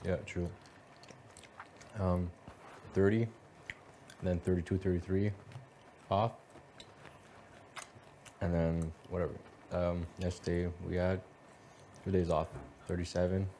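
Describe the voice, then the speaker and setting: Low, flat-voiced man counting days. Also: a little hiss or hum. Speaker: houseguest. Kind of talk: casual chat.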